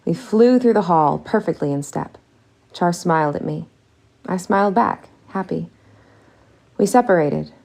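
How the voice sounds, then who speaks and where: A woman narrating a first-person audiobook in a steady, intimate storytelling manner. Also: on the low side, creaky.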